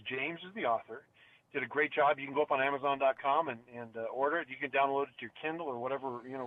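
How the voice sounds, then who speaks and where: Chatty middle-aged man on a tinny line. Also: mid-range voice. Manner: chatty, laughs often, teasing. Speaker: podcast host, father. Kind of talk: casual chat.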